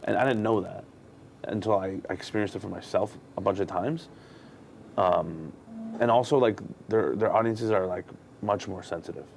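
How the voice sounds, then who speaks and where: A man's voice: fairly low pitch, moderate pace, vocal fry, slight background noise. A man, a touring comedian, telling candid, profane stories in casual chat as a podcast guest. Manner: candid, profane, animated storytelling. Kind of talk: casual storytelling.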